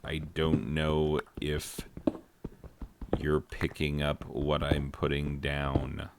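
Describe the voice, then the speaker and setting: A man's voice: rumbling low, steady tone, slow, gravelly, background noise. An American man hosting a gaming channel, rambling and joking with many fillers while he plays. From United States. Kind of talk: rambling commentary while playing a video game.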